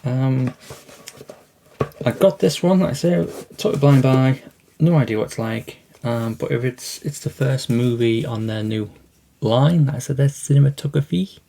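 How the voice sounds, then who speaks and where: A man hosts a relaxed unboxing vlog, showing off his latest disc purchases. His voice has a gravelly fry and a dark, mellow tone. He talks in a loose, meandering way, often pausing with fillers and starting his sentences over. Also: mid-range voice. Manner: rambling, hesitant, many fillers and restarts. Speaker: collection vlog host.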